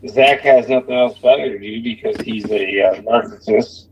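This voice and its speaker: A man hosting a livestream in casual banter, talking slowly with lots of swearing and laughter. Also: mid-range voice, highs cut off, slight background noise. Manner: slow, laughing, profane. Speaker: livestream host.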